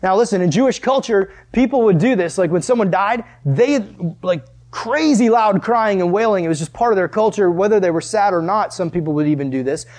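A man preaching a conversational sermon, animated and speaking straight to his listeners. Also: high voice, a little fast, few pauses. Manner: animated storyteller, addresses listeners directly.

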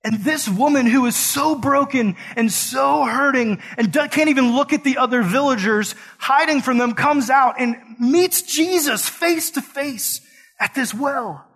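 Husky, high-voiced preaching man. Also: a little slow, a bit bright. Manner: earnest, conversational preaching with casual slang. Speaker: pastor. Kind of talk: sermon.

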